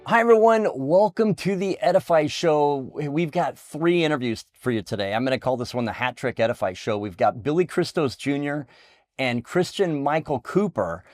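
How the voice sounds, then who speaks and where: A man hosting an interview show, excitable and enthusiastic as he talks with his guest. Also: fairly high pitch, moderate pace, dry recording, studio quality, soft background music. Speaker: interview host. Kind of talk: casual interview chat.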